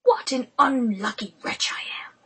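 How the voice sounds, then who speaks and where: A woman voicing a cruel, grumbling male carter in a low, dismissive whisper, as whispered role-play. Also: normal speed, a bit bright, husky. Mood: miserable.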